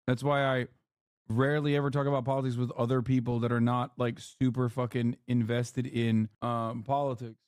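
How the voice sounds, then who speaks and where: A man's voice: medium pitch, little pitch movement, moderate pace, darkish tone, smooth, no room sound, clean studio sound. A male streamer chatting casually as he reacts to clips, sarcastic, profane and mocking. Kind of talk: casual chat.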